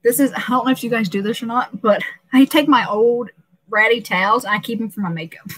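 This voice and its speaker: A woman's voice: a little high, fairly quick. A woman hosting a casual live stream, rambling and emotional, laughing often and filling gaps with "uh" and "um".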